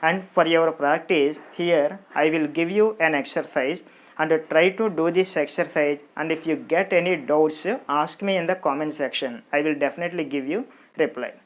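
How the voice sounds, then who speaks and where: A teacher gives an exam-prep grammar lesson, repeating each word slowly and counting out its syllables. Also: mid-range voice. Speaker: English teacher.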